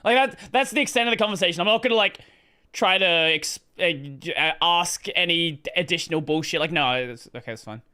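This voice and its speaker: This Australian man talks in a high, bright register, rambling bluntly with plenty of swearing and easy laughs. His voice comes through smooth and clear in casual streamer chat. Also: brisk.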